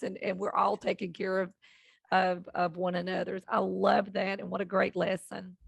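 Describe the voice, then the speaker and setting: Husky, gravelly woman co-hosting a podcast. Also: medium pitch, little pitch movement, moderate pace. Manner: warmly affirming, enthusiastic. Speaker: podcast co-host. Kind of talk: casual interview chat.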